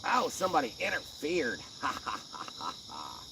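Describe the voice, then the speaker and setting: A man hosts a live fishing stream from a riverbank at night, trading laid-back, slangy banter with his viewers and breaking into frequent laughter. His voice sits a little high for a man and moves around a lot. Crickets and insects chirp faintly around him. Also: wildly swooping pitch, slow pace, gravelly, long pauses, background noise. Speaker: livestream host. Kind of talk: casual live-stream chat.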